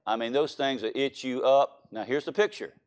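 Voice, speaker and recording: Animated Louisiana preacher quizzing his flock. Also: mid-range voice, normal speed. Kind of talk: sermon.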